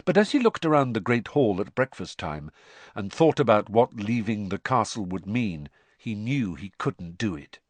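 Expressive male audiobook narrator. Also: lowish voice, normal speed, no room sound. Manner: expressive, varied storytelling delivery.

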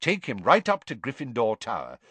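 A man's voice: medium pitch, wildly swooping pitch, moderate pace, sharp tone, breathy edge, dry recording, heavily acted. A man doing Dumbledore, a firm old wizard. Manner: firm and stern. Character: old male headmaster wizard, calm but commanding.

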